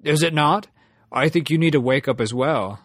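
A man's voice: on the high side, moderate pace, dry recording, close to an everyday voice. Guy reading as a condescending zealot villain, mocking, plain dry voice. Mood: smug. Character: smug, fanatical male revolutionary villain.

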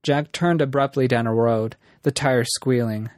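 A man narrating a story in an even, measured reading. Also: medium pitch, dry recording, clean studio sound. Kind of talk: audiobook narration.

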